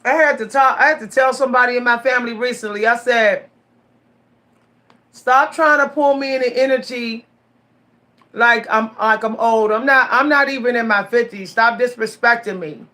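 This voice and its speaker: Speaking at a moderate pace in a fairly high voice, this woman in her forties shares stories with her vlog audience. She's lively and casual, often laughing and saying things twice.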